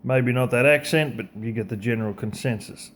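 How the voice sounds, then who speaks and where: A man's voice: medium pitch, brisk, a bit bright, slight background noise. A man with an Australian accent giving a blunt, profane motivational rant in a casual, conversational way. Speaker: vlogger.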